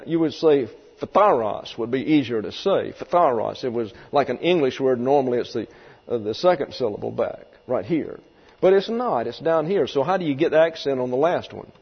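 A man teaching a Bible lesson, halting and full of folksy asides and restarts, recorded in a reverberant hall. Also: fairly high pitch, slightly rough, lo-fi sound.

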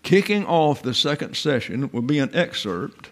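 A man with a slightly high voice teaches scripture with emphatic, drawn-out stresses on Greek terms. He fires off rhetorical questions and restarts his sentences as he presses each point home. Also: very animated. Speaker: Bible teacher. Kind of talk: expository Bible teaching.

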